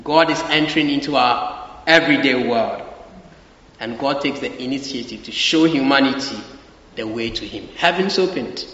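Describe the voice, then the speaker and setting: A man's voice: mid-range voice, normal speed, fairly bright tone. Emphatic male preacher in an echoey hall. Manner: emphatic, repeats key phrases, asks the congregation for agreement. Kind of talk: sermon. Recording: echoey hall, dull lo-fi sound.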